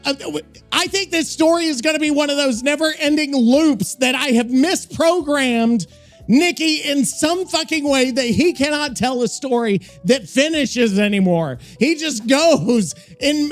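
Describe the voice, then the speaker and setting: A man hosting a podcast, weary and rambling, cursing often in casual chat. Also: very high voice. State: tired. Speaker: podcast host. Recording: music playing behind the voice.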